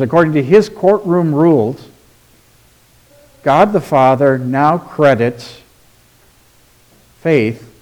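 Emphatic, deliberate male preacher. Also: on the high side. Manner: deliberate, emphatic, rhetorical questions, drops to quiet. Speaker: pastor. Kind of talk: sermon.

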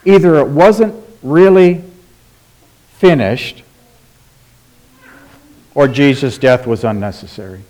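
A man preaching a sermon in a deliberate, emphatic way, asking rhetorical questions and dropping to a quiet voice for stress. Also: medium pitch. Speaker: pastor.

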